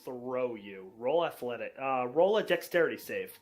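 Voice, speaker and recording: A man narrating as game master in a tabletop game, unhurried and casually profane. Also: mid-range voice, lively intonation.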